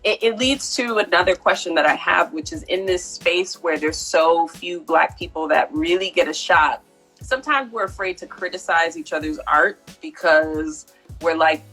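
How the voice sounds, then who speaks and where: A woman's voice: lowish voice, moderate pace, fairly bright tone, soft background music, poor audio. A woman interviewing a guest and asking him probing questions in an earnest way.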